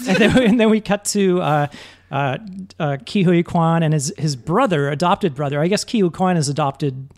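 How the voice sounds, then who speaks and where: This co-host describes movie scenes in a loose, rambling way, full of "uh" and "like". The talk is relaxed and laughs come easily between thoughts. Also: mid-range voice, normal speed. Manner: rambling, hesitant, many fillers, laughs easily. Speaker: podcast co-host. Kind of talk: casual movie review chat.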